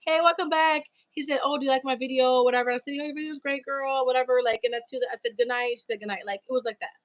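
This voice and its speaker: A woman hosting a live stream, chatting casually and telling animated stories full of slang and acted-out quotes. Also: high voice, fast talker, no room sound, muffled recording. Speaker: livestream host. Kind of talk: casual chat.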